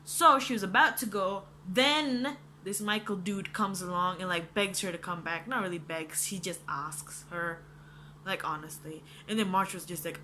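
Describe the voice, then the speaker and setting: A young woman reviewing a book in casual chat, animated and ranting, swearing freely and saying "like" a lot. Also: medium pitch, normal speed, a little hiss or hum.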